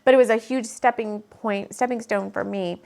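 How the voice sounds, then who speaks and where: Gravelly-voiced woman giving a spiritual reading. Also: a little high, fairly even intonation, normal speed, darkish tone. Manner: earnest, meandering, gets emotional. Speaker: spiritual channel and tarot reader. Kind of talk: casual spiritual video talk. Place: at home. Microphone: camera mic.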